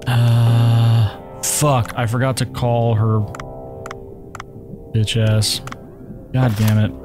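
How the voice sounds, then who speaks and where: A man's voice: mid-range voice, little pitch movement, extremely slow, over music. A man giving casual, profane commentary while playing a video game, reacting to the action and talking to himself. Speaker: gaming YouTuber.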